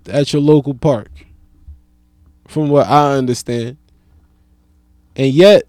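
A young man riffing through a stand-up set in an unhurried, drawn-out delivery, salting every line with profanity. His voice sits at an ordinary middle pitch and sounds close and dry, with no room echo. He rambles loosely, bursting out loud one moment and muttering low the next. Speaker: stand-up comedian. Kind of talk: stand-up comedy monologue.

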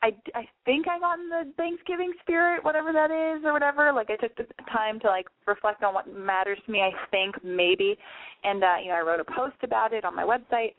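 A woman's voice: mid-range voice, brisk, no echo. A woman hosting a casual talk show, rambling frankly and swearing as she asks listeners questions. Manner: chatty, rambling, frank and profane. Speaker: podcast host. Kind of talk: casual confessional monologue. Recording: tinny phone-line sound, dry.

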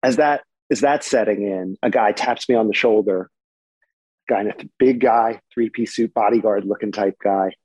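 A man in his forties, a guitarist guest, telling stories in a relaxed, chatty way with many fillers. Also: on the low side, moderate pace, breathy edge, no room sound, poor audio. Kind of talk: conversational storytelling. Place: home. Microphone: remote recording.

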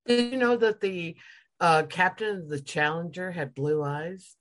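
Woman from Alabama, podcast guest, dry teasing, unhurried talk. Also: on the low side. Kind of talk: casual comedic chat.

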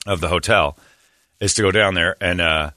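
A man's voice: low-pitched, normal speed, no room sound, clean studio sound. A man hosting a radio show, telling a story casually and acting out the voices of the people in it. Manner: animated storyteller who acts out quoted voices. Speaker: radio host.

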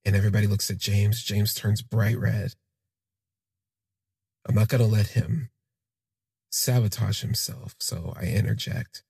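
Raspy low-voiced man telling his story. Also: level tone, darkish tone, no echo, studio quality. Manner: halting, reflective, trails off and restarts. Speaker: podcast storyteller. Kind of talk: first-person storytelling monologue.

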